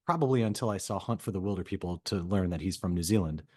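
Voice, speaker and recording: A man's voice: deep voice, fast talker, breathy edge. A man co-hosting a movie podcast in casual, enthusiastic chat, stumbling and restarting often. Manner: enthusiastic, full of fillers and restarts. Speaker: podcast co-host.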